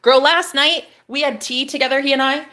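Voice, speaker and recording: A young woman vlogging in a casual, rambling chat, cursing freely and breaking into high, exclaiming rants. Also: fairly even intonation, fairly quick, sharp tone, a little hiss or hum.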